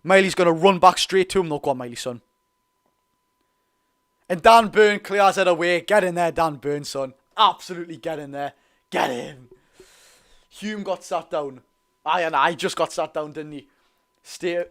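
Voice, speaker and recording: A young man with a Geordie accent giving excitable, partisan live commentary on a football match for his viewers. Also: a little high, normal speed, pauses often. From North East England. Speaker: football fan streamer.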